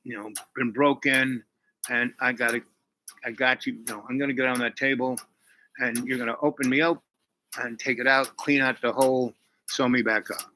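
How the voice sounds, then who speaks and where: Cold, ruthless armed woman, voiced by a man retelling a film; flat threats, very bright, edgy tone. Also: mid-range voice, normal speed, a little hiss or hum, close to an everyday voice, low-quality recording. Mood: cold menace.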